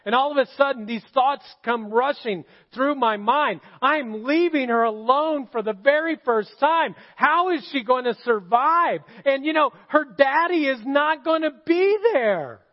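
Pastor guy preaching in a church auditorium, really high voice, kinda dull lo-fi sound, tells stories and asks the crowd stuff. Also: measured pace, hardly any pauses. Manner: storytelling, asks the congregation questions. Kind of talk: sermon.

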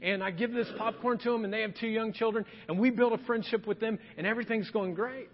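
A man preaches from a church sanctuary, his voice sitting high. He tells stories with animation and slips into other people's voices to act out scenes. The sound is dull and lo-fi, with a long hall echo trailing each phrase. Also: fairly even intonation, fast. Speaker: pastor. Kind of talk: humorous storytelling sermon.

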